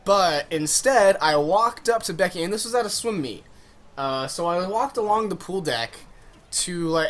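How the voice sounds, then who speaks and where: A man's voice: a little high, fairly bright tone, slight background noise. A young man casually telling a funny story on his vlog, rambling and swearing as he goes. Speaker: vlogger.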